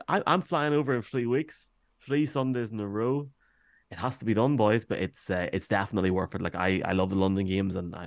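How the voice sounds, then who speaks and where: A man's voice: low voice, creaky, no echo, clean studio sound. An Irish man, a podcast guest, chatting enthusiastically in a rambling way with many restarts. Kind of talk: casual chat.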